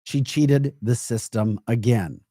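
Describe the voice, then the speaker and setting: A man's voice: medium pitch, takes it slowly, warm tone, slightly rough, no room sound, clean studio sound. A man hosting a live political podcast, emphatic and mocking, often breaking into laughter while reacting to chat comments. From United States. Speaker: podcast host.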